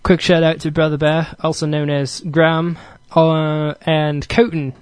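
Young male DJ, fake British accent, higher voice, dry close mic, loose and rambling. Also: flat delivery, measured pace, clean tone, no echo. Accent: mock British (put on). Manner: jokey put-on British accent, rambling with fillers. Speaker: internet radio DJ host. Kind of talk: casual radio chat.

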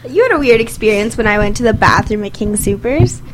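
A young woman chatting casually with friends, asking quick questions in slangy speech. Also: on the high side, animated, a little hiss or hum, low-quality recording. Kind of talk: casual chat.

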